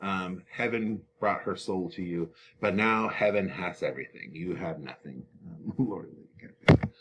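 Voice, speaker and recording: A man's voice: deep voice, normal speed, a little hiss or hum. A man teaching, explaining a play to students in a casual, chatty way. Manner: casual and chatty, with fillers and laughs.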